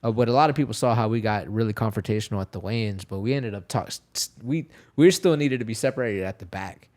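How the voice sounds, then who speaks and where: A young man telling fight stories as a podcast guest, casual, profane and animated, acting out the quotes. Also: on the low side, fast. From Texas, USA. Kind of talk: casual storytelling interview.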